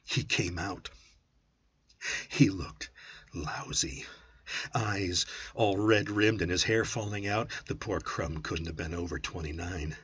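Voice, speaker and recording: A man narrating a first-person story as an audiobook, with an intense, brooding delivery that drops to a hush at times. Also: deep voice, slow, slightly rough, dry recording. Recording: dull lo-fi audiobook recording.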